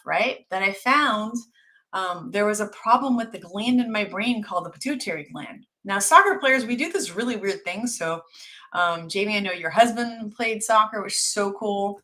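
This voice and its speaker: A middle-aged woman, a doctor being interviewed, telling casual stories and acting out the lines of the people in them. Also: mid-range voice. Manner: animated, acts out dialogue in her stories. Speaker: guest doctor.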